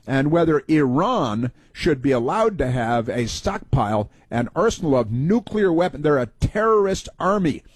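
A man's voice: a little high, a little mellow, husky, no echo. A man hosting a talk show, giving sarcastic, rambling political commentary with many fillers. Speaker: talk radio host.

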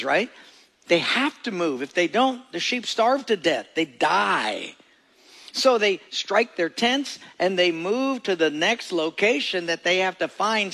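Gravelly-voiced male pastor preaching. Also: sits high, a bit bright. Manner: folksy, joking storyteller, emphatic. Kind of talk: sermon.

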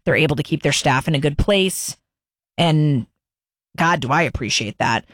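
A woman's voice: sits low, normal speed, a bit bright, no room sound, clean studio sound. A woman hosting a talk radio show, delivering an emphatic opinion monologue and repeating herself for stress.

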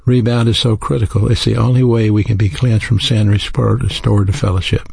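A man's voice: lowish voice, flat delivery, a little fast, vocal fry, a little mellow, husky, no echo. A man preaching a sermon in an earnest, teaching way, spelling out words letter by letter.

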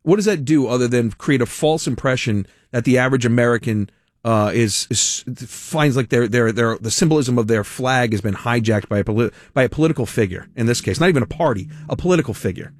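A man's voice: mid-range voice, a little fast, no room sound, studio quality. A man hosting a talk radio show, delivering a blunt, exasperated opinion monologue.

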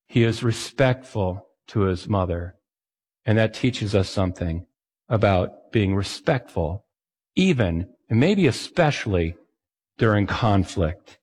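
A man pastor preaching a conversational sermon, often asking his listeners questions. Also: mid-range voice. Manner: conversational, asks the audience questions. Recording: long hall reverb.

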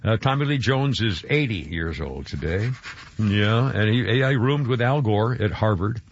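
A man hosting a radio show, talking casually in a rambling, excitable way and laughing easily. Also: fairly low pitch, unhurried, background noise. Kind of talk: casual morning radio talk. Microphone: studio microphone. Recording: dull radio broadcast sound.

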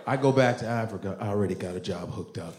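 A man from Nigeria doing a loud, punchy, profane stand-up comedy set on a club stage. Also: fairly low pitch, fast. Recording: echoey club with crowd noise. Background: audience laughter.

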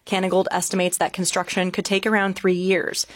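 A man reading a scripted radio news report in a measured, even way from a studio. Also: sits high, no echo. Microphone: studio microphone.

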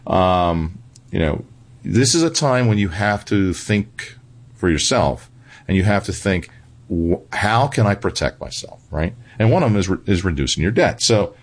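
A man with a fairly low voice gives blunt financial commentary in an interview. He drives his points home emphatically and keeps checking in with "right?" and "okay?". A dry, sarcastic edge runs through his talk. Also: expressive, moderate pace. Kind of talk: interview answers.

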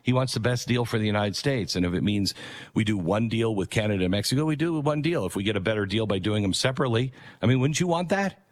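A man's voice: on the low side, animated, quick pace. A middle-aged man hosting a talk radio show, rambling conversationally with many fillers and restarts. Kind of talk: talk radio monologue with live ad read.

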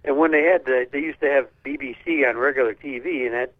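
A man's voice: mid-range voice, fast talker, dry recording. An older man talking in a loose, offhand way, with the occasional swear slipping in. His voice comes through a narrow, tinny phone line, dry and close with no room sound. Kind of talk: casual chat.

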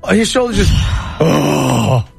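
A middle-aged man telling a funny story in casual banter with a co-host, animated and jumping up in pitch for quoted voices. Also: drawn-out words, vocal fry, husky, faint music behind.

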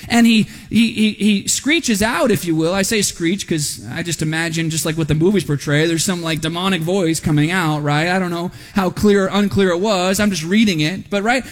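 A man's voice: high-pitched, moderate pace, few pauses. A man preaching an expository sermon in a church service, speaking conversationally, often asking the congregation "right?", and rising animatedly when reading quoted speech. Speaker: pastor. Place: church sanctuary during a service. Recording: long hall reverb.

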